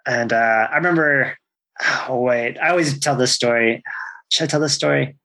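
Laid back guy comic rambling thru a story, swears a lot, mid pitch. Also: normal speed, sharp tone. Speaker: stand-up comedian, guest. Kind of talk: casual chat.

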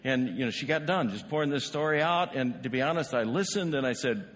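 A man's voice: medium pitch, brisk, a bit bright, big-room sound. A male pastor preaching a sermon in a conversational way, often asking the congregation rhetorical questions. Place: church sanctuary.

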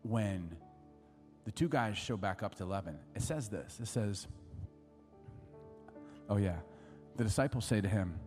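A middle-aged man preaching a sermon, telling stories in an animated way and acting out other people's voices. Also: on the low side, unhurried, pauses often, faint music behind. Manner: animated storytelling, acts out voices and laughs. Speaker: pastor. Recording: long hall reverb.

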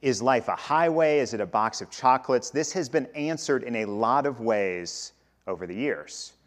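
A man's voice: mid-range voice, expressive, moderate pace. A man in his thirties, a pastor, preaching a sermon in a conversational way, often repeating and restarting phrases.

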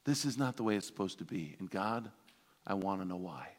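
A man preaching a sermon as pastor, animated and playful, acting out everyday voices for laughs. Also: deep voice, a little fast, big-room sound. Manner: animated, acts out voices of toddlers and parents for laughs.

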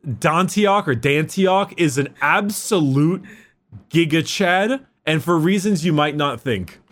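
A man's voice: on the high side, slow pace, fairly bright tone. A man hosting a casual podcast, explaining lore in a rambling, profane way with many restarts.

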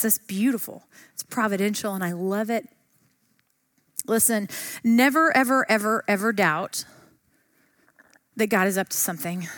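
A woman teaching a Bible study lesson in a chatty, enthusiastic way. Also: fairly high pitch. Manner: enthusiastic, chatty, uses fillers.

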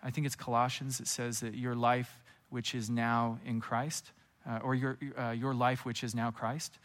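A man preaching a sermon as a pastor. He tells Bible stories in a lively, casual way, with quick asides and acted-out scenes. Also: medium pitch.

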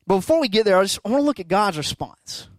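Male pastor, high-pitched, emphatic, conversational sermon, dry close sound. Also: very animated, quick pace, no room sound. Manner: conversational, emphatic, rhetorical questions.

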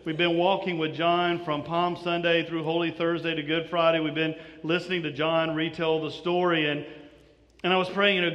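A man preaching a sermon in a church, telling the story in an animated way with many restarts. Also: fairly high pitch, normal speed, lo-fi sound. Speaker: pastor. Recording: reverberant church hall.

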